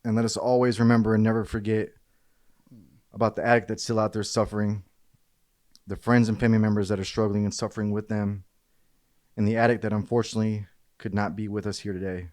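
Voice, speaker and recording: A man's voice: fairly low pitch, little pitch movement, quick pace, long pauses, darkish tone, no echo, studio quality. A man co-hosting a podcast, teasing and joking, who also leads a solemn opening. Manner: teasing, joking, then solemn when leading a moment of silence. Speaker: podcast co-host. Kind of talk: casual podcast chat.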